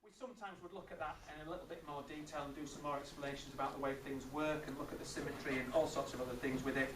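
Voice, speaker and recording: Male teacher, middle-aged, lively and questioning; distant mic, roomy echo. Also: a little high, racing. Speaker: teacher leading a maths master class. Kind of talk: classroom teaching with questions to pupils. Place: classroom. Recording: echoey classroom from far off, noisy.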